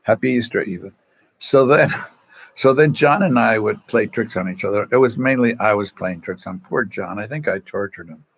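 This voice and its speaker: A man's voice: lowish voice, moderate pace, slightly rough, dry recording, dull audio. A man from East Los Angeles, a Salesian religious brother, telling self-mocking stories and greeting viewers on a livestream from a phone propped at an angle. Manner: chatty, self-mocking, reads out viewer comments. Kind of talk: casual storytelling to online viewers.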